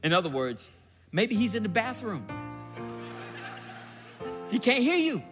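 A man preaching a sermon, dramatic, acting out the scripture story with shouted lines and playful asides. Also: high voice, big pitch swings, unhurried, long reverb tail, over music.

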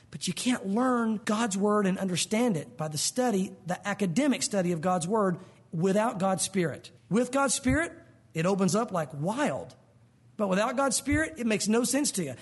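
A man preaching a sermon as a pastor, lively and animated, acting out the voices of the people in his stories. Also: high voice, moderate pace, breathy edge.

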